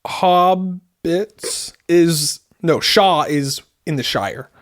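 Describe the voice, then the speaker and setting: A man's voice: a little high, extremely slow. Playful man co-hosting a podcast. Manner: playful, laughs often, dry asides. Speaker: podcast co-host. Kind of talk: casual chat.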